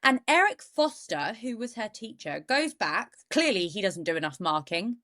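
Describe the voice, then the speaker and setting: A woman's voice: mid-range voice, sing-song, moderate pace, a bit bright. Chatty woman telling a true-crime story. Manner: chatty, goes off on jokey asides. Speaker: podcast co-host.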